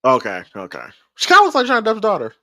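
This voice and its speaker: A man casually chatting and reacting out loud while watching a horror film as host. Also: high-pitched, no room sound, studio quality. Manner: animated, reacting with quick exclamations. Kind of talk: casual live movie commentary.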